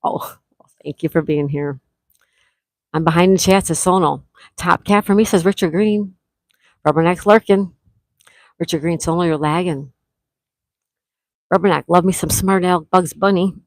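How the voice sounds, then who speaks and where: A woman's voice: fairly low pitch, normal speed, pauses often, dry recording, low-quality recording. A middle-aged woman from Florida hosting a casual livestream, chatting and reading viewers' comments aloud, greeting each by name. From Florida, USA. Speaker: livestream host.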